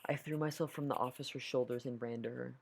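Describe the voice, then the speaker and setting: A man's voice: mid-range voice, fairly even intonation, quick pace, creaky, breathy edge. A man reading a horror story aloud, nervous, stumbling over words and correcting himself. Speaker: story narrator.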